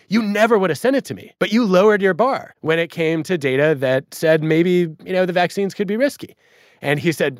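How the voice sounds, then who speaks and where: Middle-aged man, animated storyteller who plays both sides of a debate, dry studio sound. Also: a little high, no room sound. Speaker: guest author. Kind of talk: podcast conversation.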